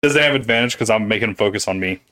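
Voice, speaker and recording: A man's voice: fairly low pitch, rapid-fire, pushed and bright, no room sound. An eager, chatty man playing a tabletop game and calling out his rolls. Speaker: player.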